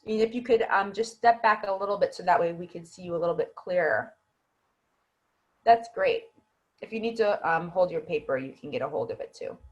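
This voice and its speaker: A woman's voice: lowish voice, fairly quick, lo-fi sound. A woman acting coach giving patient, encouraging feedback to students in an online class over a video call. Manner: encouraging, patient, explains at length. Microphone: video call microphone.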